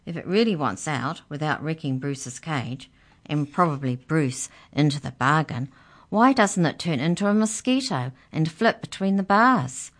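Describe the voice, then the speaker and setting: Storybook girl, bossy and pushy, raised pitch, read by a woman. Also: animated, unhurried. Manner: pushy, scornful. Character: bossy bold young girl, scheming.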